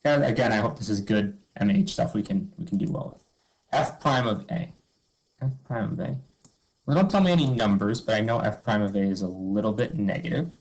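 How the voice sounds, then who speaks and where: A man's voice: on the low side, animated, fairly quick, darkish tone, dull audio. Upbeat man teaching a math review. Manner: upbeat, explains step by step, asks and answers his own questions; informal, says okay and cool a lot. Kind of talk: recorded review lesson.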